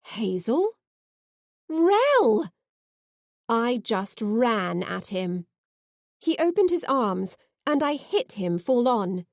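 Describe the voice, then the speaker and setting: A woman narrating a science fiction novel in the first person, expressive and heartfelt. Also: on the high side, takes it slowly, gravelly, no echo, clean studio sound. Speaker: audiobook narrator.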